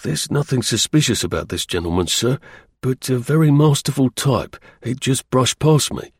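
A man's voice: mid-range voice, lively intonation, moderate pace, breathy edge, no echo, clean studio sound. A man reading the part of a deferential manservant, polite and respectful.

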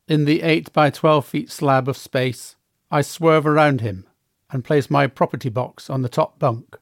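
A man narrating his own memoir in the first person, measured and plainspoken. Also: fairly high pitch, steady tone, no echo, studio quality.

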